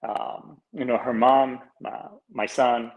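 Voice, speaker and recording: A slow, level-toned mid-range voice comes from a podcast host in his 40s who was born in Colombia. His earnest, rambling delivery is loaded with fillers, restarts and casual swearing. Poor audio quality throughout.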